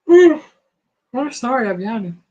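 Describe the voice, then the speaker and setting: Lady, hoarse voice, chatty live trivia host reading out viewer answers. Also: mid-range voice, normal speed, fairly bright tone, lo-fi sound. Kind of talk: casual live-stream chat.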